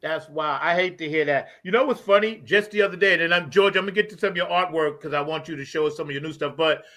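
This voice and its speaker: A man's voice: fairly high pitch, fast, fairly bright tone. A man with a New York accent hosting a casual chat, talking loosely and swearing freely. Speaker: host.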